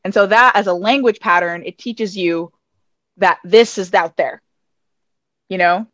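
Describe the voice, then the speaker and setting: A woman's voice: medium pitch, measured pace, a bit bright, no echo. An American woman in a casual podcast discussion, explaining ideas in a rambling way with many restarts. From United States. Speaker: podcast guest.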